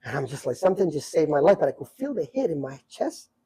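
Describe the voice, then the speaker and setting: A middle-aged man telling stories from his life in a casual chat, animated and repeating himself as he acts out what people said. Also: fairly high pitch, fast talker, breathy edge, rough recording. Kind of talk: casual storytelling.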